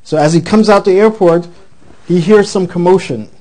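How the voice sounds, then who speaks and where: High-voiced, mellow male preacher. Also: normal speed. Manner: animated storyteller, acts out the quoted voices. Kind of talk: sermon with a retold story.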